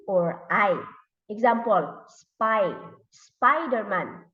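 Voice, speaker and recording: A woman English teacher with a Thai accent leading a classroom lesson, slowly repeating words and sounding out letters and syllables. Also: fairly high pitch, expressive, distant mic. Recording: echoey room, dull lo-fi sound.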